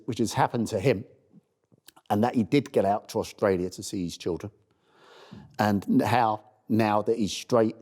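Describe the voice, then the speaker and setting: A middle-aged man from the UK telling the story of his charity walk in a spoken diary, acting out the people he met. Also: on the low side. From United Kingdom. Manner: storytelling, animated voices for people he meets.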